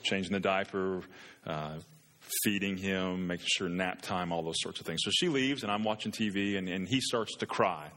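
A man's voice: sits low, normal speed, a bit bright. A man in his thirties preaching a sermon as a pastor, earnest and building to impassioned pleading. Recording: long reverb of a large hall.

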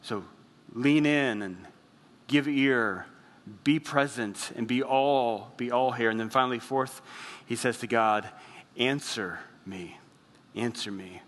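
A man preaching a sermon as pastor, earnest, slowing down and dropping his voice on heavy phrases. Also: medium pitch, a bit bright, long reverb tail.

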